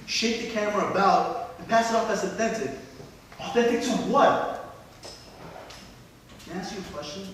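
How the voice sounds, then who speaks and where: A scornful film snob rants and swears in a fairly high male voice, played by a man at a stage reading. It sounds distant and boomy, like a hall picked up from across the room. A faint hiss runs underneath. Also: fairly bright tone. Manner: indignant, ranting, profane. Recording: echoey hall, mic far off, faint hiss.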